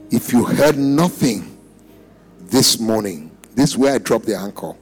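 A man preaches in a church service, his high voice leaping and falling wildly between shouts and hushed lines. His tone is husky and gravelly, pulling the congregation into call and response, with faint music underneath. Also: lively intonation, moderate pace, pauses often. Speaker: pastor. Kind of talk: sermon.

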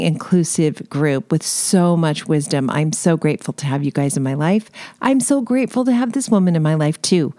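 Effusive woman podcast host, low voice, dry studio sound. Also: dark tone, dry recording. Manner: upbeat, effusive. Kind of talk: scripted podcast intro.

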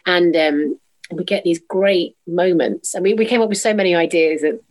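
A woman's voice: lowish voice, moderate pace, a little mellow. A woman in her thirties, a musical theatre actress chatting as a guest and bubbly, acting out quotes in funny voices. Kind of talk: casual interview chat.

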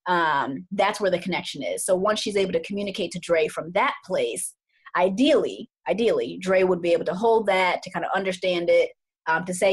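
A woman's voice: on the low side, lively intonation, brisk, slightly rough. A woman couples therapist talking through her approach in a casual podcast chat, earnest and thoughtful, often repeating words for emphasis.

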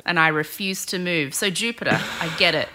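A woman's voice: lowish voice, a little fast, sharp tone, slight background noise. A woman co-hosting a casual chat, joking bluntly and reacting with skepticism. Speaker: podcast co-host.

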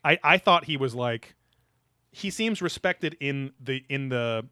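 A man's voice: medium pitch, lively intonation, a little slow, bright, forceful tone, no echo, clean studio sound. A man co-hosting a podcast, rambling in casual chat with many fillers and loose asides. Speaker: podcast co-host.

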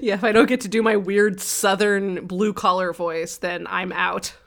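A woman co-hosting a podcast, casually recapping a TV episode with quick, wry, profane commentary and mock voices for the characters. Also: mid-range voice, flat delivery, gravelly. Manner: quick, wry and profane, acting out lines from the show in a mocking voice.

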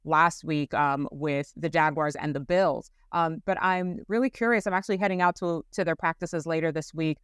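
Woman co-host, chatty and animated sports talk, smooth low-ish voice, dry close recording. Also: normal speed, few pauses, no room sound. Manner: animated, laughs often, many fillers. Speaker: podcast co-host. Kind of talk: casual sports chat. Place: traveling abroad.

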